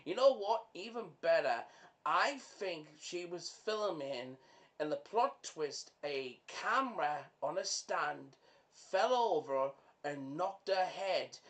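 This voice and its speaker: A young male podcast host chatting loosely, with a slightly raised voice. He talks slowly, rambles through endless fillers and keeps dissolving into giggles. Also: high-pitched, a bit bright. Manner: giggly, breaks into fits of laughter; rambling, full of "like" and "you know" fillers. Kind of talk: casual chat.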